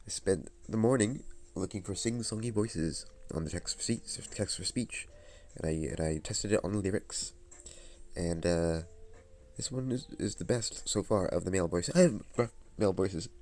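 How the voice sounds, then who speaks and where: A man's voice: low voice, moderate pace, darkish tone. A man live-streaming from his phone, rambling and muttering to himself as he fiddles with settings.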